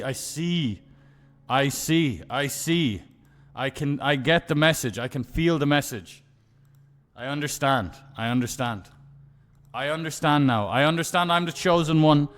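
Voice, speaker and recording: A man's voice: a little high, a bit bright. A man commentating his own online poker game on a live stream, muttering and swearing in exasperation.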